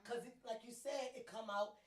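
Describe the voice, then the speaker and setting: A woman hosting a live talk show, telling stories in an animated, profane way. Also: a little high, moderate pace. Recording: roomy sound, far from the mic.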